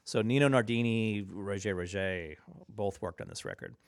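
A man co-hosting a radio show, chatting casually about records in a rambling way full of fillers, often trailing off quietly. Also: fairly low pitch, normal speed, dry recording, clean studio sound. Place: radio studio.

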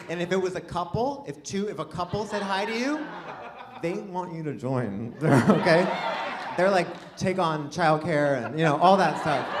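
A man's voice: on the high side, noisy background. A man doing a rambling, self-deprecating stand-up set, chatting with the crowd. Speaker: stand-up comedian. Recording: live venue with audience laughter.

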